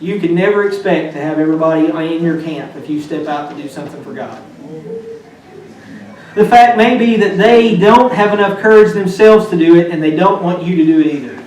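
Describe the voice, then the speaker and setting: Man preaching, high voice, roomy church sound, mic at a distance, faint hum. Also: fairly quick. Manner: animated storytelling with playful asides. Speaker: student pastor. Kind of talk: sermon. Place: church sanctuary. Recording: echoey room from far off.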